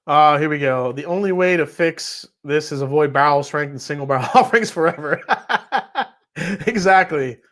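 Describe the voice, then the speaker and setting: A man's voice: fairly high pitch, animated, normal speed, a bit bright. Chatty New York man hosting a livestream. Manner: chatty, reads viewer messages aloud, swears casually. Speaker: whiskey livestream host. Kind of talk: casual livestream chat.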